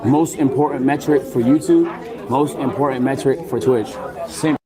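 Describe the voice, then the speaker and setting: A man's voice: mid-range voice, fairly even intonation, moderate pace, crowd noise. A man streamer teaching a casual class with slangy, joking, hyped talk. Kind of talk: casual classroom-style lecture.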